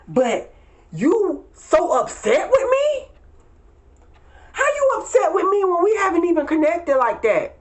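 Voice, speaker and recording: A man in a casual vlog, ranting to his viewers in a profane, preachy and emphatic way, often repeating words and jumping into high, shrill exclamations. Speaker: vlogger.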